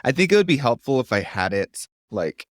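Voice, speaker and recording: A man's voice: medium pitch, sing-song, brisk, no room sound, studio quality. A man co-hosting a podcast in laid-back casual chat, laughing often. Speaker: podcast co-host.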